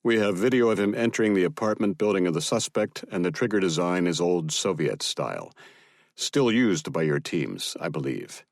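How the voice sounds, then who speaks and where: A man's voice: low-pitched, lively intonation, normal speed, no echo, studio quality. A man voicing a blunt sergeant major who is firm, businesslike and insistent. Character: blunt American command sergeant major, pushy.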